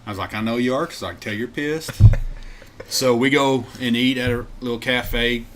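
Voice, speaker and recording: A male podcast co-host with a medium-pitched voice and moderate pace relates a road trip in laid-back conversation, with slight background noise in the recording. He's animated, laughs a lot, and performs quotes at high volume.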